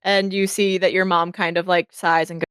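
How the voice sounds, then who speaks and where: A woman game master narrating a tabletop game in relaxed second-person description. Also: fairly low pitch, moderate pace, clear, resonant tone, dry recording, clean studio sound.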